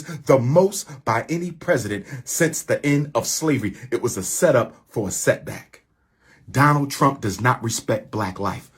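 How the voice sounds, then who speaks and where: Very husky man giving a rallying speech. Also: on the high side. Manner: preachy, repetitive call-and-response phrasing. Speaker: activist speaker addressing his followers. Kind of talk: impassioned rallying address.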